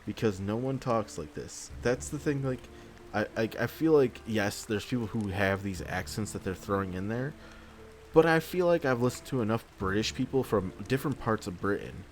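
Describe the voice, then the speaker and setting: Male let's-play host, lowish voice, rambling, cursing rant, light music underneath. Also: expressive, normal speed. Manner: exasperated, swears often, rambling. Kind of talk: gameplay commentary, ranting.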